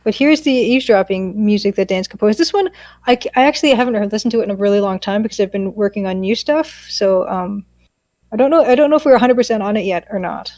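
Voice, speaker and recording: A woman's voice: medium pitch, quick pace, a little mellow, no echo, studio quality. A woman, a game developer, hosting a casual live stream in a cheerful, chatty way.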